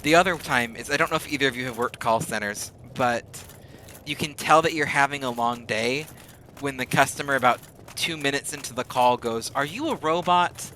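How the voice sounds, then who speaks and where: A man chatting casually while streaming a game, rambling and often speeding up into rapid talk. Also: mid-range voice. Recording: steady background noise.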